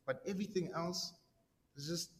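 A man's voice: a little high, normal speed, in a large hall, a little hiss or hum. A man giving a casual, conversational sermon, slangy and full of "right?" tags and repeated words. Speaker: preacher.

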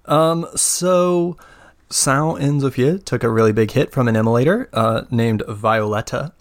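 A man narrates a tabletop role-playing game as its game master. He describes the action in a loose, easygoing way, often pausing with "uh" and "like". His voice is of middling pitch for a man. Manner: relaxed, filler-heavy narration with many "like" and "uh".

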